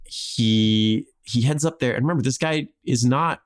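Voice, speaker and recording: A man's voice: medium pitch, measured pace. Chatty man telling a history story. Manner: animated, acts out quotes in a jokey voice, lots of "like". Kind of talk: casual storytelling chat.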